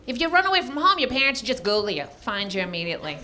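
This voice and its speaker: A woman comedian doing a stand-up set with a deadpan, self-mocking delivery on a club stage. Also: a little high, quick pace, background noise.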